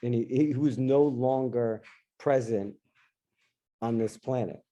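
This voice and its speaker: A middle-aged man, a guest in an interview, telling a personal story in an animated, casual way and acting out his own past lines. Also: mid-range voice, takes it slowly, muffled recording. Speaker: interview guest, dentist and investor.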